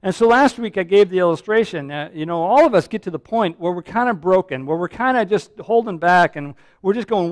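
A man delivers a sermon as pastor in a high voice. He speaks earnestly, repeating himself and restarting phrases. The sound is dry and close, with no room echo. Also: lively intonation, moderate pace. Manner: earnest, repetitive, frequent restarts and fillers.

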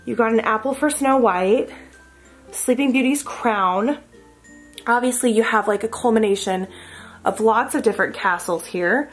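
A woman vlogger unboxing a haul, gushing with excitement and breaking into gasps and exclamations. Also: on the high side, moderate pace, pauses often, faint music behind.

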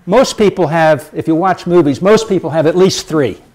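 A middle-aged man giving a public lecture, lively and emphatic, repeating his key points for effect. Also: fairly high pitch, normal speed.

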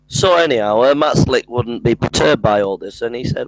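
A man's voice: medium pitch, moderate pace, hardly any pauses, no echo, rough recording. Emphatic man in a dry, close recording. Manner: emphatic, repeats phrases, mimics opponents. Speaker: Christian apologetics speaker. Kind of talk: casual monologue.

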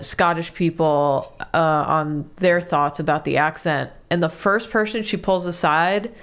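Chatty woman with a lowish voice. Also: fairly bright tone. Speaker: show regular. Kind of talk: casual chat, storytelling.

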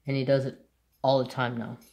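A man who hosts a crafts channel, casually chatting and rambling about his dogs in an unhurried way. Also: medium pitch, level tone, darkish tone, dull audio. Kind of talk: casual chat.

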